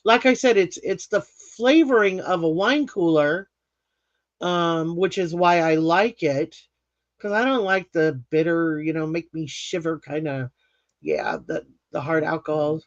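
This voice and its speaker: Her fairly low voice moves a little slowly as she runs a live craft stream, chatting over viewer comments with frequent laughter and rambling restarts. The stream audio is dry and slightly muffled, without any room sound.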